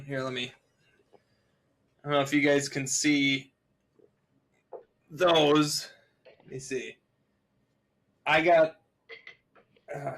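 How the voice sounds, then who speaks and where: A man's voice: a little high, a bit bright. A man co-hosting a podcast, talking in a blunt, profane, joking way. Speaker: podcast co-host. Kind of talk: casual chat.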